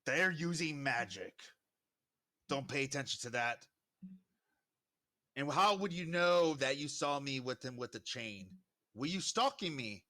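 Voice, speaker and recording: A man's voice: medium pitch, animated, measured pace, pauses often, bright, forceful tone. A man voicing a suspicious, accusing slave owner. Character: frustrated male slave owner, a big man.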